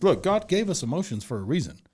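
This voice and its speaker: A man's voice: on the high side, quick pace, breathy edge. A man co-hosting a casual faith podcast, talking frankly and acting out little quoted exchanges with laughter. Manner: animated, acts out quotes with laughter. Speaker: podcast co-host.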